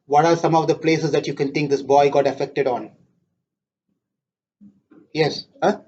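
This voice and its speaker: A man teaching a scripture class, telling a story in a lively way and putting questions to his audience. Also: fairly high pitch, measured pace, a little hiss or hum. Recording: dull lo-fi lecture recording.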